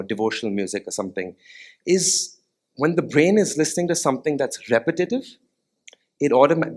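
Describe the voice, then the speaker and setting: An earnest man speaking as a music therapist in a talk on a stage before a live audience. His voice sits at an ordinary middle pitch, and he pauses to put questions to the listeners. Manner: sings short nursery melodies as demonstrations. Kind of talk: TEDx-style stage talk.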